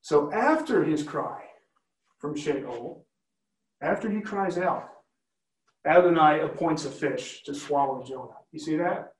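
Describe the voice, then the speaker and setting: A man's voice: fairly high pitch, animated, slow pace. A man leading a Bible study, teaching conversationally and often checking in with listeners by asking questions. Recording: roomy, from a distance.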